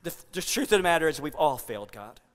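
A man's voice: fairly high pitch, sing-song, quick pace, big-room sound. A man preaching a sermon to a congregation, playful and joking with the crowd. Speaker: pastor. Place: church hall.

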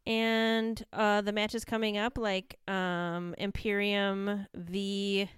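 Woman podcast cohost, laughy chatty, smooth clear voice, dry close sound. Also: mid-range voice, slow pace, dry recording. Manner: giggly, animated storytelling with quoted asides. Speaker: podcast co-host. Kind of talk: casual chat.

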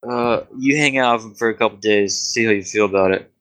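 A man's voice: fairly low pitch, brisk, a bit bright. A man running a tabletop game as game master, laid-back and casual.

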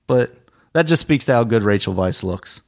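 A man's voice: mid-range voice, animated, moderate pace, vocal fry. A man co-hosting a podcast, chatting casually and hedging his points with fillers. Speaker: podcast co-host. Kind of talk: casual chat.

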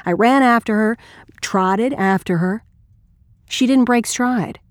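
A woman's voice: on the high side, slow pace, no room sound, clean studio sound. A woman reading an audiobook as a blunt, wry, crude male ex-Marine narrator.

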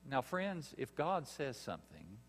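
A man preaching a sermon, earnest and emphatic, pausing and rising in stress as he reads scripture. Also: medium pitch, huge pitch swings, creaky, a bit bright, slightly rough, in a large hall. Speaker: pastor.

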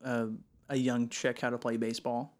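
A man's voice: mid-range voice, flat delivery. A man co-hosting a podcast, joking playfully in casual banter. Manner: playful, joking, quick to laugh. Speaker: podcast co-host.

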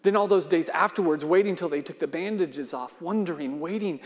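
A man's voice: on the high side, a little fast, close to an everyday voice. A man voicing a frustrated young man, newly given sight after a lifetime of blindness, who keeps pressing his questions. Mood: earnest. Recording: long hall reverb.

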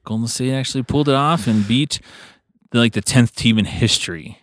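A man's voice: mid-range voice, a little fast, no echo. A man co-hosting a casual podcast chat in a studio, blunt and jokey, laughing a lot. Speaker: podcast co-host.

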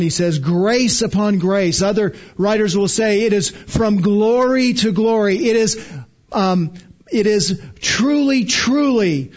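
A man's voice: sits high, dull audio. A man preaching an expository sermon, emphatic and earnest, often repeating words to stress a point.

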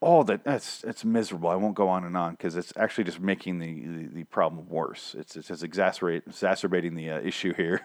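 A lower-pitched man talks alone into a podcast mic, rambling and swearing as he jokes through a recap. His voice is strained and a bit shaky from recent overuse. The sound is dry and close, with almost no room around it. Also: fairly even intonation, fast, few pauses, no echo. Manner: profane, rambling, jokey. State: strained, recovering voice. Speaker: podcast host. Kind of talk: casual solo show recap.

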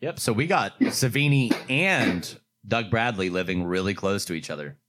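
Animated, profane man telling convention stories. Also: on the low side, normal speed. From Pittsburgh. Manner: animated, profane, acts out quotes in raised voice. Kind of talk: casual storytelling chat.

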